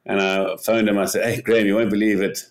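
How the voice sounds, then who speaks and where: A man's voice: fairly low pitch, fast talker. An older man, a podcast guest, talking in casual interview style, telling stories energetically, often repeating words and acting out what others said. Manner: animated storyteller, repeats words, acts out quotes. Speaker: podcast guest, ocean paddler.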